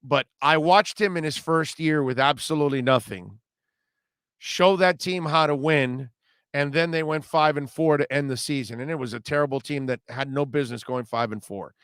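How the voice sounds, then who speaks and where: A man hosting a live sports talk radio show, reading listener comments and reacting in an animated, emphatic way, often repeating himself. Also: a little high, clear, resonant tone, no room sound, studio quality. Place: radio studio.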